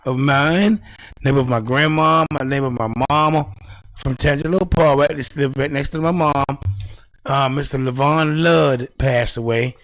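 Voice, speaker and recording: A man hosting a live talk show, talking casually, rambling and repeating himself. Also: medium pitch. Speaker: host.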